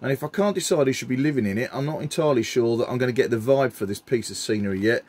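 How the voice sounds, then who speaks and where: A man's voice: medium pitch, quick pace, hardly any pauses, darkish tone. A middle-aged man, chatting enthusiastically while showing off his hobby builds, with frequent ums. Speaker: scenery builder. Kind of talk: casual hobby show-and-tell.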